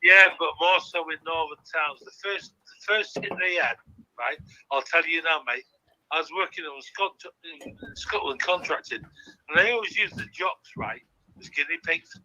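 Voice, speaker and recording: Bright-voiced rambling caller on a phone. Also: male voice, fairly high pitch, lively intonation, normal speed, muffled recording, slight background noise. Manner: rambling, swearing, keeps asking "do you know what I mean". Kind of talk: casual chat.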